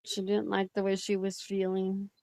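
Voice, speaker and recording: Woman guest on a live chat, gravelly voice, dry sound, mostly agreeing along. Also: medium pitch, monotone, normal speed, darkish tone, no echo. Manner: agreeable, backs up the host with short replies. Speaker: livestream guest. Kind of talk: casual livestream chat.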